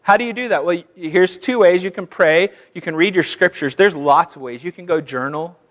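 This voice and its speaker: High-voiced pastor preaching in church. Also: male voice, a little fast, a bit bright. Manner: conversational with self-deprecating humor; builds to fervent exhortation. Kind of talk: sermon.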